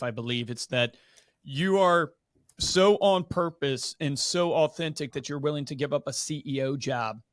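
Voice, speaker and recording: A man's voice: medium pitch, fairly bright tone. Podcast host guy, upbeat and affirming, dry sound, no room echo. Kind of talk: conversational interview.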